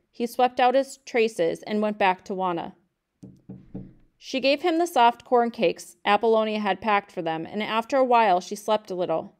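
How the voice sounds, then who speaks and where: A woman reads a novel aloud at a calm, measured pace. Her voice is smooth and clear, sitting in a middle pitch, with an even, unhurried delivery. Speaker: reader of a novel.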